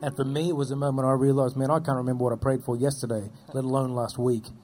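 Male guest, earnest storyteller, mellow tone, faint music under. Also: medium pitch, flat delivery, fast. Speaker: guest speaking about persecuted churches. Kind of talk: storytelling testimony.

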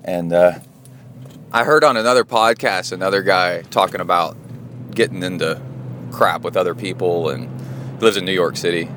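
A deep, low-voiced man tells a rambling story from behind the wheel of his car, and his voice jumps up loudly whenever he acts out what someone else said. A faint hum of traffic sits under his voice. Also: moderate pace. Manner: rambling, animated when quoting others. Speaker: podcast host. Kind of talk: casual storytelling monologue. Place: car, driving.

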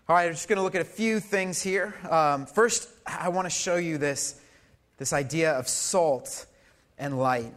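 A man preaching a sermon to a church congregation, animated and conversational, swinging from loud emphasis to soft asides. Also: fairly high pitch, a little slow. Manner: conversational, with fillers and audience questions. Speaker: pastor. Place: church service.

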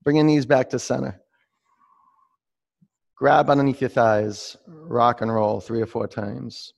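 A man's voice: mid-range voice, little pitch movement, a little slow, creaky, muffled recording. A man leading a live-streamed yoga class, giving pose cues between rambling, laughing asides. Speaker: yoga teacher.

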